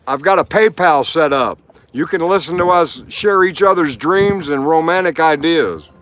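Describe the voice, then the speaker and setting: A man's voice: high-pitched, fairly bright tone. A middle-aged man chatting and joking boisterously on a live stream, now and then breaking into song. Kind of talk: rambling live-stream chat with guitar and sung bits. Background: guitar playing.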